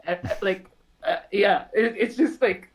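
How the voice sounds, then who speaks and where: A man's voice: high voice, unhurried, rough recording. A man guest on a casual podcast, easygoing and laughing along, often hedging his opinions.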